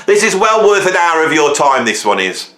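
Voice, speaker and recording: A man's voice: fairly high pitch, big pitch swings, moderate pace, bright, forceful tone, roomy sound. A man chatting casually to camera, rambling and playful, with jokey asides. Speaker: music video host.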